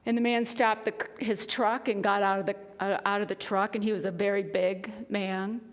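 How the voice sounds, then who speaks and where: A woman minister preaching a sermon, telling a story earnestly, often dropping to a hushed voice. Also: medium pitch, little pitch movement, normal speed. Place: spiritual center sanctuary. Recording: long reverb of a church hall.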